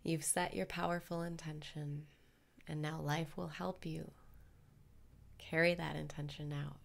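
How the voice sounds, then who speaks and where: Low, slow woman with gravelly fry. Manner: soft, slow, calm, drifting into whispers. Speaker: meditation guide. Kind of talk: guided meditation parody.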